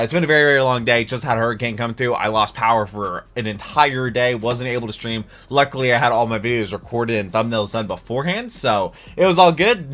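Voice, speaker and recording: A man's voice: mid-range voice, fairly bright tone. A man hosting a reaction video, chatting casually and rambling with fillers and asides. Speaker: YouTube reaction host. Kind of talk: casual vlog intro and reaction chat.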